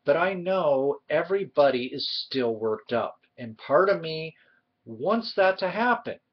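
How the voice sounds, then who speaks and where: A man's voice: fairly high pitch, husky. A man ranting in a heated, sarcastic way as a vlogger giving his opinions. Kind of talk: opinionated commentary. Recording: dull lo-fi recording.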